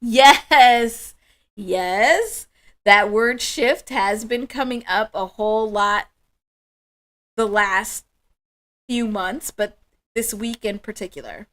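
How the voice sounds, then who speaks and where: A woman hosting a spiritual livestream, chatting with viewers in an emotional, affirming way. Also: fairly high pitch. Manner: warm, emotional, affirming, slow and soft-spoken. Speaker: livestream host.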